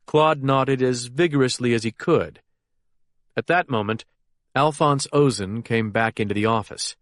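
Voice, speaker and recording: A man narrating a thriller audiobook in a steady, even storytelling manner. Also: mid-range voice, measured pace, no echo, studio quality. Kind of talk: scripted narration.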